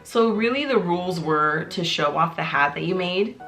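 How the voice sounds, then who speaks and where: A woman's voice: on the low side, expressive, normal speed, a bit bright. A woman hosting her own video in a bubbly, jokey casual chat, full of little fillers. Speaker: YouTuber host. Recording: clear background music under the voice. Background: music playing in the background.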